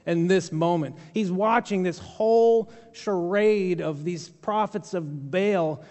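Man pastor, chatty joking sermon, higher voice, long hall reverb. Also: slow, darkish tone. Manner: conversational storytelling with humorous asides.

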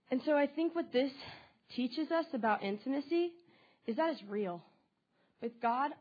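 A woman's voice: a little high, lo-fi sound. A woman giving a devotional sermon in an earnest, conversational way, often saying "like" as she talks. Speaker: preacher.

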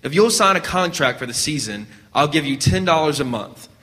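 A man's voice: on the high side, expressive, brisk, sharp tone, long reverb tail. A man voicing a blunt, domineering male farmer. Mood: threatening. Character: gruff, threatening male farmer.

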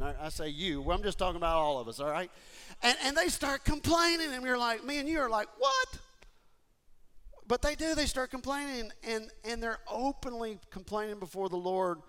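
A man preaching a relaxed, conversational sermon, talking straight to his listeners in a lively way with frequent restarts. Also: sits high. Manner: animated, talks straight to listeners, many restarts.

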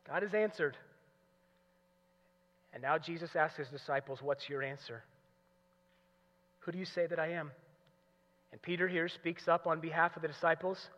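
A man preaching a sermon, moving between hushed teaching and loud, emphatic passages. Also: fairly high pitch, fairly even intonation, moderate pace, pauses often. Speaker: pastor. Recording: muffled recording in a large hall.

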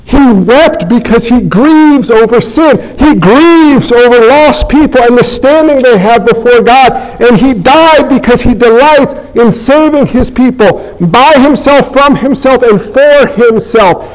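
A man's voice: extremely high pitch, measured pace, hardly any pauses, rough recording. A man preaching a sermon as pastor, emphatic and folksy, asking the congregation rhetorical questions.

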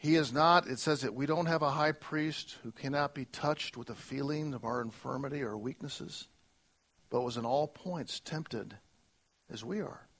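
A male pastor preaching a sermon earnestly, moving between soft, slow lines and emphatic ones. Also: mid-range voice.

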